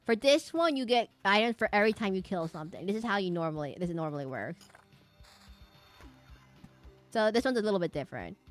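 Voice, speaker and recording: Young woman streamer just chatting while she plays, rambly and giggly, keeps restarting sentences, soft game music behind. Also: mid-range voice, very animated, brisk, pauses often.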